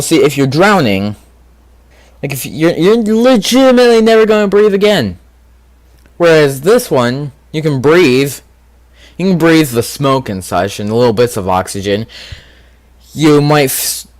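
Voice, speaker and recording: A man hosting a casual gaming video, rambling and thinking out loud with lots of fillers as he answers quiz questions. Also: medium pitch, dry recording. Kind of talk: casual commentary on a quiz game.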